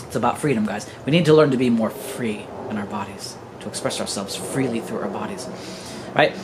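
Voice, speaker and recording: A man's voice: lowish voice, brisk, background noise. Earnest man in his fifties preaching. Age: 50s. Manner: earnest, preachy, addresses listeners as guys. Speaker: host. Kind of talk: casual teaching monologue.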